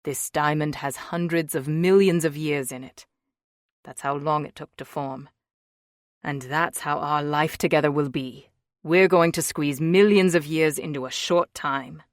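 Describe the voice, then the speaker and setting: A woman reading an audiobook, voicing a gentle, playful young husband in a lowered voice. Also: steady tone, measured pace, no echo, studio quality. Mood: tender. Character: tender joking young husband, man. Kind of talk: audiobook character voice.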